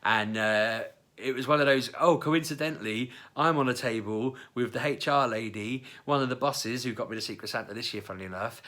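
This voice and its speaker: A man's voice: fairly quick, sharp tone. A young British man telling funny stories about himself in a casual vlog, acting out what people said with big jumps in his voice. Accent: British English. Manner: chatty, self-mocking, acts out quotes with big pitch jumps. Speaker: vlogger. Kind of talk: casual storytelling.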